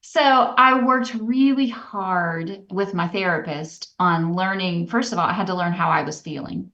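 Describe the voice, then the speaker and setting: A woman co-hosting a podcast, telling personal stories in an earnest, reflective way that turns animated. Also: fairly low pitch, a little slow. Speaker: podcast co-host. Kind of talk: candid personal storytelling. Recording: dull, slightly distant podcast audio.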